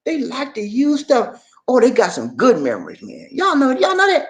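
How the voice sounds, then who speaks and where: Animated preachy man, wide-ranging pitch. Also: normal speed. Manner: preachy, animated, talks straight to viewers; acts out quoted voices in his talk. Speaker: relationship advice host. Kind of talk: live stream advice talk.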